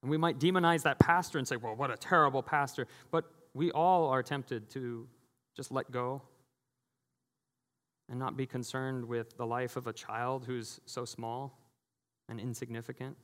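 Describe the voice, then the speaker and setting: A man's voice: medium pitch, steady tone, a little slow. A pastor in his thirties giving a conversational sermon in a church, telling stories, laughing often and leaning on "you know". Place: church sanctuary. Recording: long church hall reverb.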